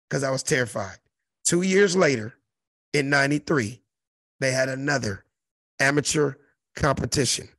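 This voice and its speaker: A comedian in his fifties from South Central Los Angeles appears as an interview guest, telling a profane, animated story and acting out the other characters' voices. His voice sits on the high side, and the recording is dry.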